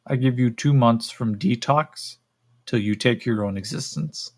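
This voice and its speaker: A man voicing a cold, condescending chimpanzee-like male alien slaver who speaks slowly and clinically. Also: mid-range voice. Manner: slow, clipped, clinical and dismissive.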